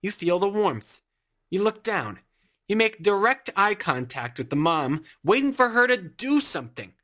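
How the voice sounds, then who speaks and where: A sarcastic storyteller narrates a scripted comic story with exaggerated emphasis. The voice is bright and sharp, and its pitch swings up and down in a lively way. Each punchline gets a dry twist. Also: moderate pace.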